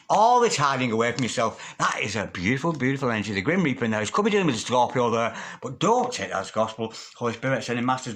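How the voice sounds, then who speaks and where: A man's voice: medium pitch, a bit bright, slight background noise. A man giving a tarot reading in a theatrical, sing-song manner, calling the listener darling. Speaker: tarot reader.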